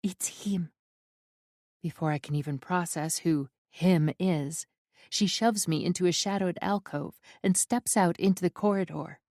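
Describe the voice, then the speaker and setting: A woman narrating a first-person romance audiobook in an intimate, unhurried storytelling manner. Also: fairly low pitch, fairly even intonation, a little mellow, no echo, clean studio sound.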